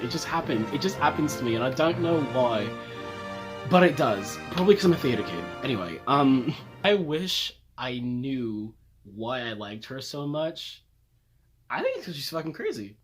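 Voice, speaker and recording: A man's voice: normal speed, soft background music. A young man ranting comedically about favorite characters, swearing, laughing and talking dramatically. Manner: animated, swearing, laughing, dramatic jumps up in pitch. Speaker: video creator reviewing characters. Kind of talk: comedic casual rant.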